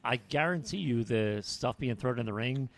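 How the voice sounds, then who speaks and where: A man's voice: medium pitch, normal speed. A man co-hosting a podcast in casual chat, laid-back, with short reactions and asides. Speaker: podcast co-host. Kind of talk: casual wrestling recap chat.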